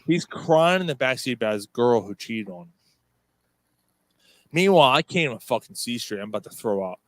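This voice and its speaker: A man's voice: mid-range voice, lively intonation, normal speed, no echo. A man hosting a podcast, telling a rowdy story in casual chat, swearing constantly and laughing as he goes. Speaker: podcast host.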